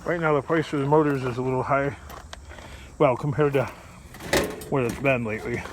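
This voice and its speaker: A man's voice: mid-range voice, fairly quick, rough recording. A middle-aged man chatting casually on a scrap metal vlog, meandering and filler-heavy, recorded at a work area. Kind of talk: casual rambling vlog talk. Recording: loud background noise.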